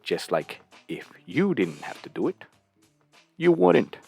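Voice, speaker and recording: A man's voice: medium pitch, sing-song, slow, vocal fry, darkish tone, slightly rough, faint music behind. A man hosting his channel and giving blunt, crude reaction commentary on clips, often tossing in a rhetorical "right?".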